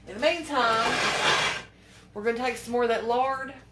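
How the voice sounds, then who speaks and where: Woman, folksy cooking vlog, fairly high voice, roomy kitchen echo. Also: normal speed, recorded from a distance, heavy background noise. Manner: folksy, talks to viewers while fumbling and fretting. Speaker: home cooking vlogger. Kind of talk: chatty cooking demonstration. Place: home kitchen. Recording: echoey kitchen from off-mic with clattering pans.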